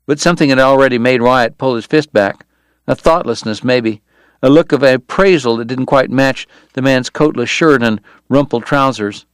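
A man doing scripted audiobook narration in a measured, even storytelling way on a close microphone. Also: medium pitch, clear, resonant tone, no echo.

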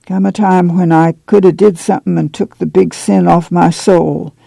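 A man reading as a gravelly, guilt-ridden old farmer. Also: high-pitched, fairly even intonation, moderate pace, dark tone, no echo, full character voice. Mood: sorrowful. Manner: sad, guilt-ridden drawl. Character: remorseful weary middle-aged farmer man.

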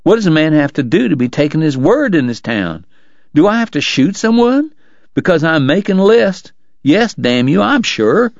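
A man voicing an excitable, prickly young dentist who bristles at being doubted. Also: fairly high pitch, no room sound, highs cut off, voice pushed up. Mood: indignant. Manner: indignant, quick to bristle.

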